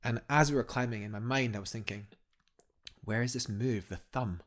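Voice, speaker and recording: A man's voice: mid-range voice, normal speed. Enthusiastic man telling a story. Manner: enthusiastic, rambling with many restarts. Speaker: guest climber. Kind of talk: casual storytelling in a podcast interview.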